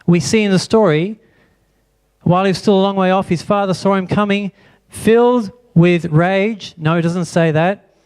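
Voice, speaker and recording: Brief: male pastor, fairly high voice, preaching and quizzing the congregation in church. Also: moderate pace, a little mellow, smooth. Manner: asks the congregation many rhetorical questions. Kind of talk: sermon.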